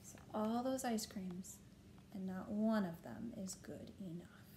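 Slow, gentle woman reading a picture book. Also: mid-range voice, a little hiss or hum. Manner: gentle, stops to chat and ask the child questions. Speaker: reader of a children's picture book.

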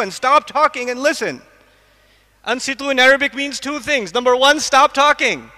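A man giving an animated religious lecture, reciting Arabic verses and acting out what people say. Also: very high-pitched, moderate pace, big-room sound. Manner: acts out quoted speakers, quotes Arabic verses. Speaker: Islamic lecturer.

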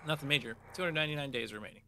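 A man's voice: mid-range voice, very fast, pushed and bright, a little hiss or hum. A man giving casual, playful commentary while playing a game, reading its text aloud with jokey asides. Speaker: gaming video creator. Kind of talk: casual let's play commentary.

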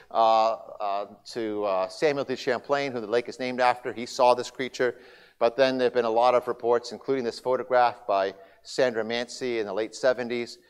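A man giving a seminar talk as a guest speaker, a lively storyteller who gets loud and excited when recounting his anecdotes. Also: medium pitch, clean tone. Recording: long hall reverb.

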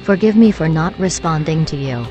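A woman's voice: low-pitched, animated, moderate pace, mellow, highs cut off, faint music behind. A woman voicing a remorseful woman in hell who begs the Lord for forgiveness in a tearful plea. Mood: begging. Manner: tearful pleading.

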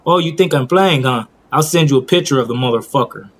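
A man's voice: mid-range voice, brisk, natural voice. Cold, cursing drug boss from a game-made crime movie, all threats, voiced by the narrator in his own voice. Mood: menacing. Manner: threatening, profane. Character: menacing male drug boss, cruel and cold.

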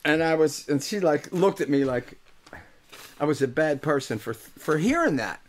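An older man from talks to his webcast viewers in a loose, joking way. He teases the audience, swears freely and fills his pauses with plenty of uhs. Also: a little high, big pitch swings. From Pittsburgh, USA. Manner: joking, teasing, swearing, with lots of fillers. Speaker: host and musician. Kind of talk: casual comic monologue to a webcast audience. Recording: live webcast audio.

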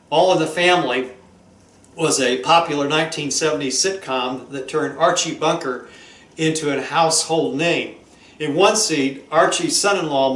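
A man's voice: a little high, fairly bright tone. Earnest male preacher in an echoing room. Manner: earnest, storytelling, rhetorical questions. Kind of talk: sermon. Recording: roomy echo.

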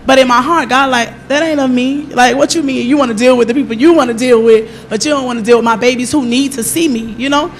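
A woman's voice: high-pitched, steady tone, fast, hardly any pauses, slight background noise. A middle-aged woman giving a personal testimony at a church service, telling her story with animation and acting out the lines of the people in it.

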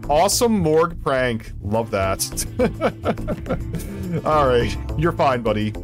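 A young man commenting on a game he plays, excitable and goofy, often laughing. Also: medium pitch, slow pace, over music. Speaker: gaming video host. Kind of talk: let's play commentary.

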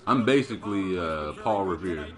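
A man streams a hockey video game, chatting casually and animatedly and swearing freely. He has a low voice and speaks at normal speed, with the game's arena crowd noise and commentary playing behind him.

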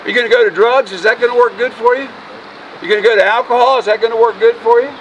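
Man, pastor, outdoor sermon, folksy, emotional, very high voice, distant mic, faint street noise. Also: fairly even intonation, quick pace, a bit bright. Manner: folksy, emotional, jokes with the congregation. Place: outdoors by a road.

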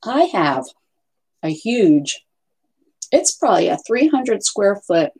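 A woman's voice: medium pitch, very animated, slow pace, a little mellow, husky. Chatty lady hosting a craft stream at home, huskyish, voice bouncing all over. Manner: chatty, rambling, talks to pets and viewers. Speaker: craft livestream host. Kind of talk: casual live chat with viewers.

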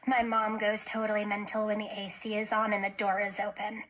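A woman's voice: medium pitch, monotone, brisk, fairly bright tone, slight background noise, natural voice, poor audio. A woman voicing Sally, a chatty young girl who speaks in a casual, offhand way, in a storybook read-aloud. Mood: hurried.

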